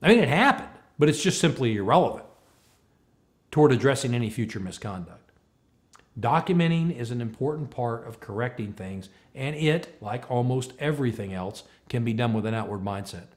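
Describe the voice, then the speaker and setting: Guy giving a leadership talk, animated storyteller, plays both sides of the convo. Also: medium pitch, fairly quick. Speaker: speaker on leadership.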